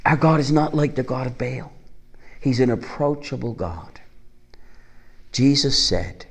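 Earnest male preacher, mid-pitched voice. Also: lively intonation, a little slow, creaky, pauses often. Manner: earnest, asks the congregation rhetorical questions. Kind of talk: sermon.

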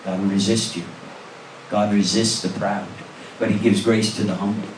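Preaching in a church sanctuary, a man with a fairly low voice keeps a fairly even intonation and a moderate pace as he earnestly, emphatically challenges the congregation with direct questions. The recording has a faint hiss or hum, roomy echo, and a distant voice.

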